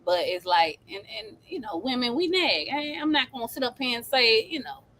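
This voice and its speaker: A middle-aged woman co-hosting a livestream with her husband, emphatic and quick with churchy affirmations. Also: a little high, sing-song, fairly bright tone, dry recording. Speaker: co-host, the host's wife. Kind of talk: casual livestream chat.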